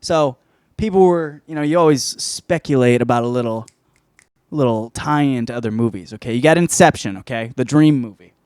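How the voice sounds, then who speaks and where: A man's voice: medium pitch, normal speed, a little mellow, clear, resonant tone, no echo, studio quality. A man hosting a podcast, reviewing a film in casual, rambling chat full of swearing and restarts. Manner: rambling, profane, self-interrupting. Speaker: podcast host.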